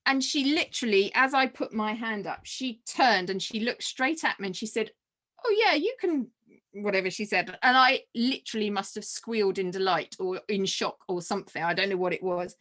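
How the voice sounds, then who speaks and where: A woman's voice: mid-range voice, a little fast, few pauses. A woman, a mother, guest on a podcast, telling a personal story casually and acting out remembered dialogue. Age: adult with children. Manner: animated, acts out remembered dialogue.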